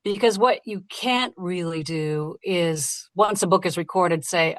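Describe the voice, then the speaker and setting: A woman who narrates audiobooks, talking casually and lively in an interview and laughing easily. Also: lowish voice, no room sound. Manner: lively, chatty, quick to laugh.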